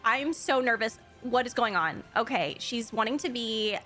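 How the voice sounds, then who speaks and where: A young woman from Florida, a streamer, chatting with live viewers in a bubbly, gushing way with excited gasps. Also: fairly high pitch, moderate pace. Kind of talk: casual chat with live viewers. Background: faint game music.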